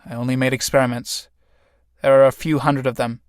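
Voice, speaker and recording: A man voicing a quiet, subdued male scientist in a read-aloud play. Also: medium pitch, flat delivery, brisk, smooth, no echo, studio quality, voice pushed down, natural voice.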